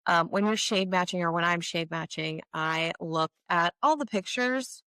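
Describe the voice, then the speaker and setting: A woman's voice: fairly low pitch, normal speed, bright, forceful tone, smooth, dry recording. A woman in her forties chatting candidly through a get-ready-with-me beauty vlog, full of frank asides. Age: 40s. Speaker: beauty vlogger. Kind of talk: casual get-ready-with-me chat.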